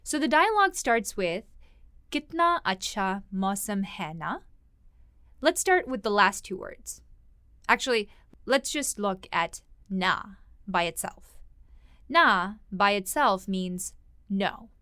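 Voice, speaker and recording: Woman hosting a language podcast, chatty, thinking out loud, dry close sound. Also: medium pitch, sing-song, slow, clear, resonant tone, dry recording. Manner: conversational, thinks aloud while explaining.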